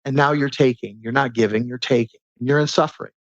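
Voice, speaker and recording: Man, podcast guest, animated storytelling teacher, rhetorical questions, dry, muffled lo-fi. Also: medium pitch, fairly quick, no echo. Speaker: podcast guest, transformation coach. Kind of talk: casual conversational interview. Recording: dull lo-fi sound.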